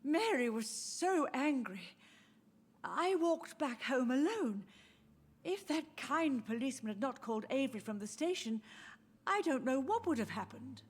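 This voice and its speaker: An actress voicing a confused, grieving elderly mother in a game, speaking in a breathy, voice that drifts in and out of clarity. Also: high-pitched, very animated, unhurried, exaggerated voice. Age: older. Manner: wandering, sorrowful, drifting between lucidity and confusion. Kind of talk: studio game dialogue.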